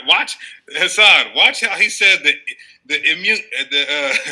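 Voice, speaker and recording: Male video commentator, loose animated delivery, very bright timbre. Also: on the high side, a little slow, poor audio. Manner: laughing, stumbling, loose and animated. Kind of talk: casual commentary.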